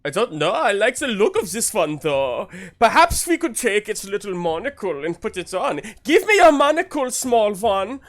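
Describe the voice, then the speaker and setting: A man voicing a pompous, nervous gentleman who fusses and stammers. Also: high voice, sing-song, moderate pace, hardly any pauses, voice pushed up, exaggerated voice. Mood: wheedling. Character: pompous nervous man fussing over a monocle.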